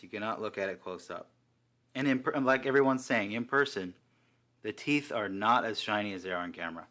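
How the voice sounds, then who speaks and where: A man chatting casually and excitedly while reviewing a collectible figure, swearing now and then. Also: on the low side, fairly quick.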